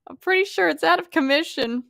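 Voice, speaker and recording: A young woman chatting casually with her viewers, animated and full of fillers. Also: extremely high pitch, a little fast, creaky, no echo, studio quality. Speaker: streamer answering chat. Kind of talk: casual chat.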